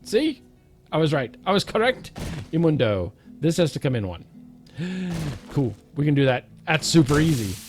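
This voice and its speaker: A man's voice: a little high, lively intonation, normal speed, pauses often, soft background music. A man giving casual, playful gameplay commentary, chanting counts and joking at his own expense. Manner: self-mocking, goofy asides.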